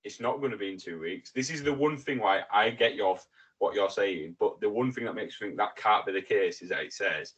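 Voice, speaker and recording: A man co-hosting a casual sports podcast, excitable and quick to swear when riled up. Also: on the low side. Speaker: podcast co-host. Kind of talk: casual chat.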